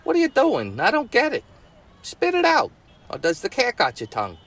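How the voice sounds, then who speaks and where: An uncle doing a loud young boy in a storybook tale, pitched well up from his usual voice. He blurts, bosses and gets excited fast, with a bouncy, swooping delivery. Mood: impatient. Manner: blunt, bossy, excitable. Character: brash loudmouthed young boy diver.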